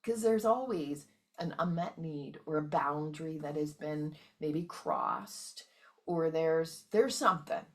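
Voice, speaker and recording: A woman host gives a motivational wellness talk in a somewhat low voice with a gravelly edge. She is emphatic, keeps checking in with her listeners, and repeats key points to drive them home. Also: lively intonation, takes it slowly. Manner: emphatic, checks in often with okay and right.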